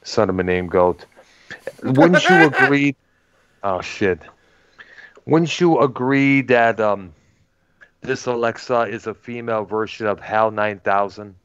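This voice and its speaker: A man's voice: on the low side, unhurried, a bit bright, smooth, no echo, muffled recording. A man co-hosting a casual livestream chat, telling stories with lots of hesitant fillers. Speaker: co-host.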